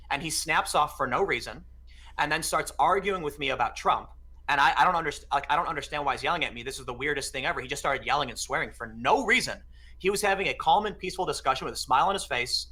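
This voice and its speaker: Speaking quickly in a high-leaning, bright, forceful voice, a man on a podcast rattles through an anecdote and performs the quoted back-and-forth as he goes. The conversation stays casual and relaxed, centered on storytelling.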